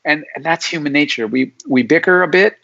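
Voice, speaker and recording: A man's voice: fairly high pitch, brisk, vocal fry, fairly bright tone. A middle-aged man, a psychology professor talking as a guest in a casual interview, explaining ideas and acting out what imagined people would say. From Alaska, USA. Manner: explanatory, acts out imagined people's lines in quotes. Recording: dull lo-fi audio.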